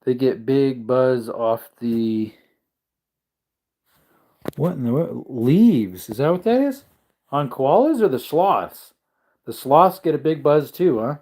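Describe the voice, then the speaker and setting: A man's voice: mid-range voice, expressive, takes it slowly, long pauses, a little mellow. A tired, yawning man hosting a casual livestream, rambling and chuckling as he reads out chat comments. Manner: rambling, chuckling, musing aloud. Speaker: livestream host.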